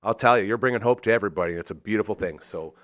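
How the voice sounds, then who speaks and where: A man's voice: very fast, a bit bright, no echo. A man hosts a casual talk show, effusive and upbeat. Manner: effusive and upbeat, with big swings in pitch. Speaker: radio show host. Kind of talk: casual chat.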